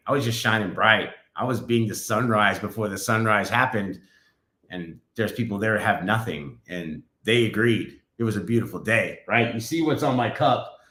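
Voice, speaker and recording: A man's voice: mid-range voice, a bit bright. Man telling stories in a roomy studio. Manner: rambling, upbeat storytelling. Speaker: podcast co-host. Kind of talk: casual chat. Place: podcast studio.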